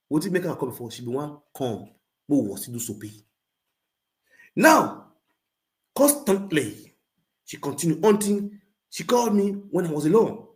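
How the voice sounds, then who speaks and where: A man with a Nigerian Pidgin accent telling a story in an animated rant, swinging between loud outbursts and low muttering. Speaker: social media livestreamer.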